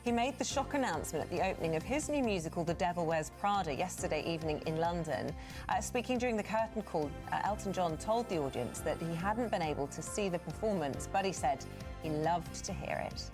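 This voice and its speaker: Woman, news presenter, measured reading, lowish voice, music bed behind. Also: expressive. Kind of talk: news reading and studio banter.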